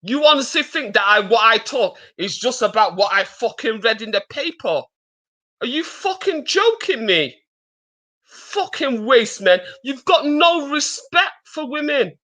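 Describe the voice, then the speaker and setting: A woman's voice: sits high, bright, forceful tone. A woman with a Manchester accent talking on a live-stream panel, blunt, profane and confrontational. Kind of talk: heated live-stream talk.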